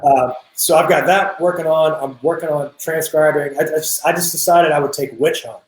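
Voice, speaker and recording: Man, young adult, casual interview, animated storytelling, echoey sound. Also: a little high, normal speed. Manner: animated, lots of restarts, quotes people in acted voices. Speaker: guest drummer. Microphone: video call. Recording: roomy echo.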